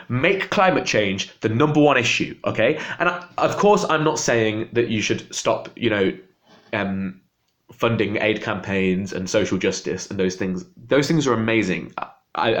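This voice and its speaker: A man's voice: mid-range voice, fairly bright tone. A young man venting in an impassioned political rant to camera, exasperated and agitated. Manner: agitated, exasperated, voice jumping up when upset. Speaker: vlogger.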